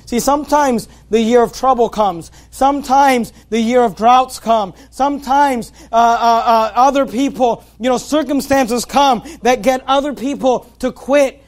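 A man's voice: extremely high pitch, normal speed, hardly any pauses, a little mellow. A man preaching a sermon, emphatic and repetitive, quoting scripture in old-style wording and urging listeners to read the Bible.

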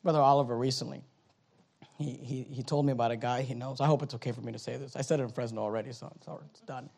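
Speaking fast with a creaky voice and a steady tone, a man preaches from the pulpit. His delivery ranges from hushed and low to loud, high-pitched urging, marked by repeated phrases and stumbling restarts.

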